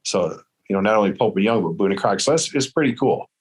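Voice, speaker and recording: A man from Michigan tells a story at an easy pace, wandering a little and dropping into other people's voices as he quotes them. His voice sits on the low side. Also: fast talker, slightly rough. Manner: relaxed, rambling, acts out quoted voices. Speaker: guest, traditional bow hunter. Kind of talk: casual storytelling.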